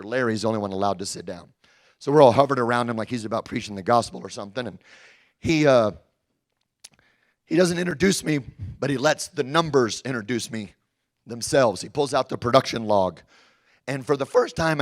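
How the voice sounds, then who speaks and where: A man tells a story from his own working life. He is animated and jumps in and out of the voices of the people he quotes. His voice sits at an ordinary middle pitch for a man. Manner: animated, acts out quoted dialogue. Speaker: storyteller recounting his sales career. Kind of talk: energetic personal storytelling.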